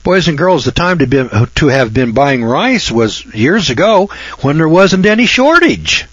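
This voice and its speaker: Guy ranting folksy and sarcastic, pitch jumps all over, dry muffled lo-fi sound. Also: measured pace, slightly rough, no echo. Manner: folksy, sarcastic, animated rant. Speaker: online video host. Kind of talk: casual ranting monologue.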